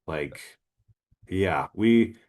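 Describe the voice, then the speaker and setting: A man co-hosting a podcast in casual chat, animated, laughing often and swearing casually. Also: low voice, very slow. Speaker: podcast co-host.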